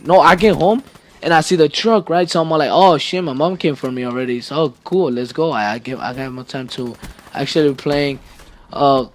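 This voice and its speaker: A teenage boy vlogger telling a story to camera in a casual, rambling way, swearing often and laughing at himself. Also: a little high.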